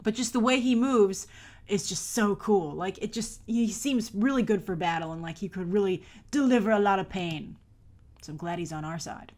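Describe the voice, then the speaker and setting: A woman's voice: medium pitch, moderate pace, darkish tone. A woman hosting a film review show, casually breaking down a trailer with chatty, rambling enthusiasm. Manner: chatty and rambling, many "like" fillers; enthusiastic fan gushing.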